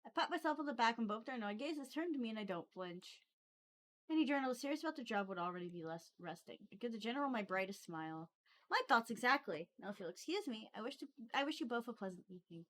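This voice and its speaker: A young woman streaming from home, reading a visual novel aloud with giggly, expressive reactions on a desk microphone. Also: a little high.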